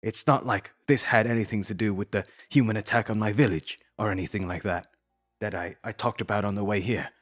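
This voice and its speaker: A man's voice: lowish voice, steady tone, a little fast, dry recording, clean studio sound, faint music behind, close to an everyday voice. A man voicing a jittery young hero who stammers when he gets flustered.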